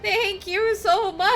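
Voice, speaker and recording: High, bright woman streamer: excitable, squealy, a bit foul-mouthed, game music under her. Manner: excitable, squealing, swears when shocked. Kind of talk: casual live-stream chatter while playing.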